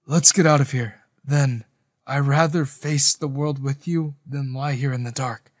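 A man voicing a wounded young soldier who speaks hoarsely, softly and tenderly. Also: medium pitch, steady tone, a little slow, dry recording, studio quality, natural voice. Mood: reassuring. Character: wounded young male soldier, gentle and devoted.

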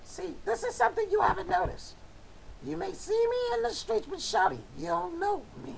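Very high, raspy, gravelly-voiced woman trash talking. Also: brisk, slight background noise, low-quality recording. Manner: playful, taunting and excitable, swearing. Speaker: card game player. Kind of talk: casual trash talk during a card duel.

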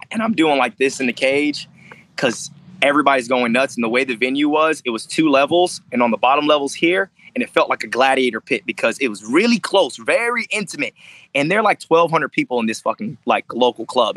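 A man's voice: medium pitch, pushed and bright, dry recording, poor audio. A man who fights professionally, telling stories in a casual interview with intensity and freely dropped swear words. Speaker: MMA fighter, interview guest.

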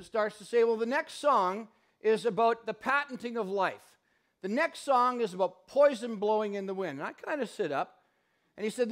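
A man giving a public lecture in a university hall, telling stories with passion and acting out what people said. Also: sits high. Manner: impassioned, animated storyteller who acts out quotes.

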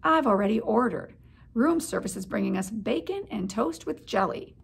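A woman reading aloud, voicing a self-assured young male mouse who speaks calmly and a little grandly. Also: mid-range voice, moderate pace, gravelly, a little hiss or hum.

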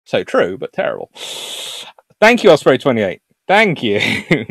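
Animated man hosting a history livestream. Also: mid-range voice, unhurried, gravelly, no room sound. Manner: animated and jokey, puts on silly voices for nations. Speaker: naval history livestream host. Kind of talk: live stream talk answering chat.

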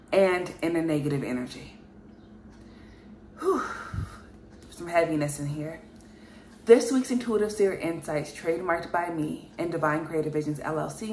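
A woman giving an earnest spiritual reading to camera, emphatic and repeating herself, with frequent sighs. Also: low-pitched. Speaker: spiritual reader. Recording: echoey room with faint noise.

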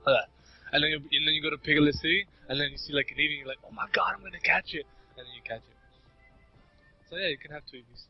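A man's voice: a little high, steady tone, very fast, pauses often. A man chatting casually with a gaming friend, joking and giving rambling explanations. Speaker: friend on call. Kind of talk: casual chat. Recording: lo-fi audio with faint game music.

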